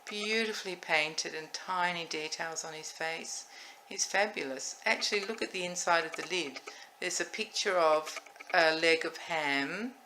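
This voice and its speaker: A woman's voice: fairly low pitch, sharp tone, a little hiss or hum, low-quality recording. A woman chatting enthusiastically as she shows her doll collection, rambling into little asides. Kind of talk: casual show-and-tell chat.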